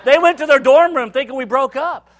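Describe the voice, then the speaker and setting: Man, preacher, high voice, bright tone, sermon storytelling, acts out dialogue. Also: brisk. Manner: animated storyteller acting out dialogue.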